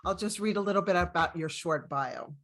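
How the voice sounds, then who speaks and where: A woman's voice: lowish voice, expressive, a little fast, a bit bright. Enthusiastic older woman hosting an interview. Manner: enthusiastic, laughs often. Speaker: host. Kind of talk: casual interview chat.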